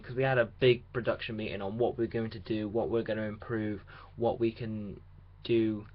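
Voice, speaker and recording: Young man rambling through a lo-fi vlog. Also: lowish voice. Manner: chatty, rambling, with restarts. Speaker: radio drama student. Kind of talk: casual video diary. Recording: dull lo-fi sound with faint hiss.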